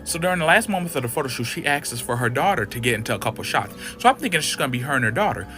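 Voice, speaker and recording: A man telling a casual storytime in an animated, profane way, acting out what people said. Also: medium pitch, racing, over music. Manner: animated, profane, acts out quotes. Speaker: storyteller in a played clip.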